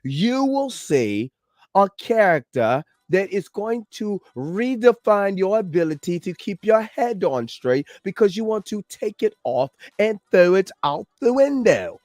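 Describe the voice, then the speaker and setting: A man putting on a smug male filmmaker with a broken British accent, in a mocking, drawn-out impression. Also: high voice, animated, a little mellow, dry recording, clean studio sound.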